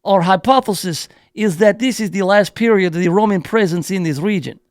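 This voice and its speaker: A radio host putting on a slow, exaggerated mock accent that drifts toward Jamaican, to voice a solemn male archaeologist in a radio studio. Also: high-pitched, no echo, close to an everyday voice.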